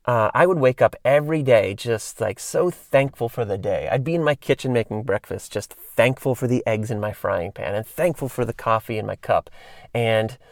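A man in his late thirties talks in a loose, wandering monologue, with plenty of "um"s and side tangents. His voice is gravelly with a mid-range pitch. The sound is dry and close, with no room around it. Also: moderate pace, no room sound. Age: 30s. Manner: rambling, tangents, many fillers. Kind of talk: casual storytelling monologue.

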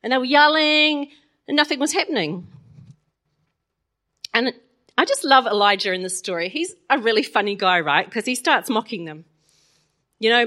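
A woman's voice: on the high side, animated, normal speed, long pauses, sharp tone. A woman retelling a Bible story in a chatty, playful way, often asking her listeners questions. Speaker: Bible lesson teacher.

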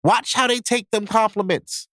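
A man's voice: high voice, fairly even intonation, moderate pace, fairly bright tone, no room sound, clean studio sound. A man hosting a podcast in casual chat, blunt and profane, acting out people as he goes. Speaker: podcast host.

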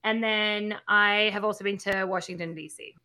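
Woman, twenties, bright tone, animated casual storyteller. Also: medium pitch, normal speed, smooth. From Australia. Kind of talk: casual chat.

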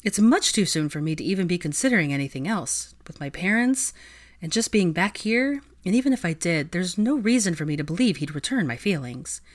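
A woman's voice: fairly low pitch, expressive. A woman voicing a clever young female student who gets defensive and flustered. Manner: defensive, quick protesting.

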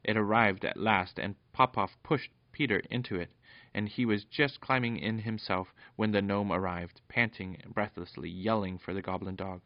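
A man reading a bedtime story aloud to his children, gentle and lively. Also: on the low side, moderate pace, no room sound, dull audio.

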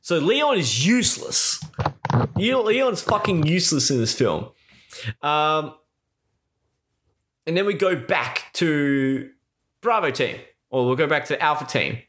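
A man's voice: fairly high pitch, sing-song, takes it slowly, long pauses, a bit bright, a little hiss or hum. Sweary young man ranting about a film. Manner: sweary, rambling, sarcastic. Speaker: film reviewer. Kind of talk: casual film recap rant.

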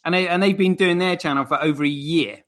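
A man's voice: a little high, fast talker. A British man co-hosting a casual live stream, rambling and laughing as he talks. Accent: British English. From Britain. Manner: laughs between words, rambling. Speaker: co-host of a crypto live stream.

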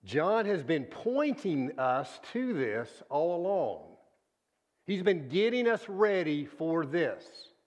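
A man preaching a sermon, earnest and deliberate, often sinking to a hushed low voice on key words. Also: sing-song.

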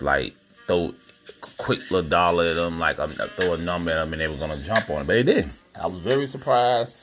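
A man with a very low voice hosts a podcast, reviewing a film in a relaxed, slangy way and addressing his listeners directly. Music plays clearly behind him. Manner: laid-back, slangy, talks to listeners as y'all. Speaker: podcast host. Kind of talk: casual movie review chat.

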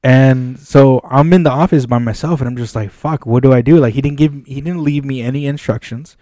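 A man with a mellow, warm voice tells a long story in a relaxed podcast chat. He swears freely and acts out what other people said. The sound is dry and close. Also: medium pitch, fairly quick, dry recording. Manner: animated, swears often, acts out quoted dialogue. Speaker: podcast co-host. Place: podcast studio.

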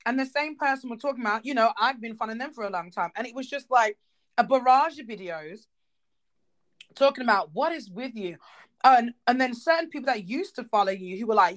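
A woman's voice: fairly high pitch, animated, a little fast. A woman with a British accent talking bluntly and emphatically in a casual chat. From United Kingdom.

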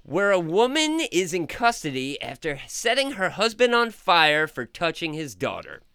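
A male radio host with a high, very bright and crisp voice, reading odd news with joking, animated swings. The sound is close and dry. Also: normal speed, no echo. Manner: animated, joking, loud bursts. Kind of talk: casual radio banter, reading news stories.

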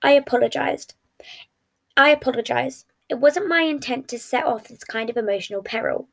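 A formal, exact young man speaks with careful, measured wording, read by a woman. The voice sits a little high with a gravelly fry. It comes from a fan fiction reading. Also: a bit bright, exaggerated voice. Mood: gentle. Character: formal, precise young man comforting a friend.

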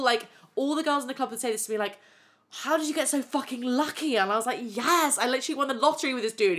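A young woman hosting a podcast, telling frank, animated stories full of swearing and fillers. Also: fairly high pitch. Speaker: podcast host. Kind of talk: candid casual storytelling.

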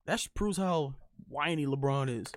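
A man's voice: fairly high pitch, moderate pace, no echo, studio quality. A man co-hosting a podcast, talking sports in a casual, slangy, opinionated way. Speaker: podcast co-host.

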